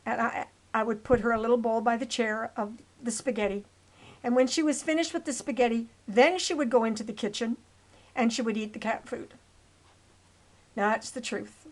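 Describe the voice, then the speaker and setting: A woman's voice: on the high side, moderate pace, rough recording. Earnest, rambling woman in her seventies. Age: 70s. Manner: earnest and rambling, with restarts and asides. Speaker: narrator of her own life story. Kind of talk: personal storytelling over old photos.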